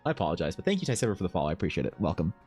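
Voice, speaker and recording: A man's voice: deep voice, very fast, slightly rough, faint music behind. A young man, streaming and chatting casually with his viewers, rambling and swearing freely. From Canada. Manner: rambling, animated, swears freely, lots of fillers.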